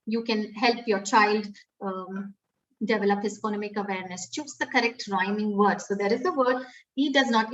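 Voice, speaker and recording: A woman with an Indian English accent, a pre-primary educator giving a webinar, explaining step by step with many pauses and fillers. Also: fairly high pitch, fairly bright tone, distant mic, highs cut off. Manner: explains step by step, often restarting and saying "uh" and "um". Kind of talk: webinar talk.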